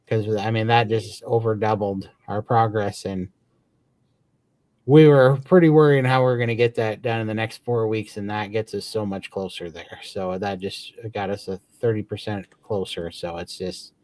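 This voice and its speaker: A man's voice: fairly low pitch, fairly even intonation, normal speed, a little mellow, no echo. A man co-hosting a casual livestream chat, talking with eager, grateful enthusiasm and rambling restarts. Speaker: podcast co-host.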